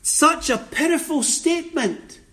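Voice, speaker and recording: A man preaching a sermon slowly and emphatically, repeating his phrases and rising loud and high when he voices scripture.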